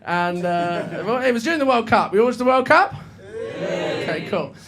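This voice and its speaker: Man, stand-up comedian, fairly high voice; chatty, stumbling delivery on a handheld mic in a club with heavy noise. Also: expressive, normal speed. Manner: chatty, self-mocking, stumbles and laughs mid-line. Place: comedy club stage, audience laughing. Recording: live club audio with loud crowd laughter and noise.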